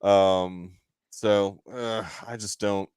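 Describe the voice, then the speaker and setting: A man guesting on a movie podcast, talking casually and haltingly with many fillers. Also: lowish voice, fairly even intonation, a little mellow, clear, resonant tone, no room sound, studio quality. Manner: rambling, hesitant, lots of fillers. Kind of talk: casual chat.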